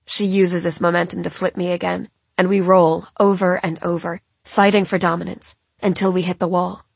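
A woman narrating a first-person novel in a measured, dramatic storytelling manner. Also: fairly low pitch, flat delivery, vocal fry, breathy edge, no room sound. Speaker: audiobook narrator.

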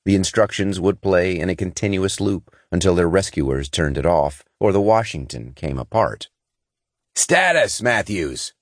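A man reading scripted narration in a steady, measured way from a close studio mic. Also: low voice, dry recording. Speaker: audiobook narrator. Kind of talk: scripted science fiction narration.

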